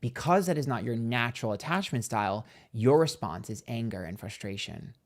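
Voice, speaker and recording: A mid-range male voice with lively intonation moves at a moderate pace. As a psychic tarot livestream host, he casually gossips through a story, acting out others' words and reading donations aloud with thanks.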